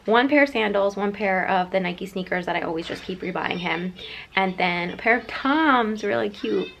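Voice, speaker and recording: A woman's voice: mid-range voice, moderate pace, gravelly, slight background noise. A young pregnant woman chatting casually in a home vlog, rambling with lots of fillers and slightly out of breath. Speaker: vlogger and mother.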